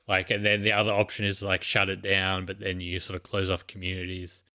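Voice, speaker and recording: Male podcast co-host, lowish bright voice, rambling casual explainer. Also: monotone, a little fast. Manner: rambling explainer with many fillers and restarts. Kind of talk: casual chat.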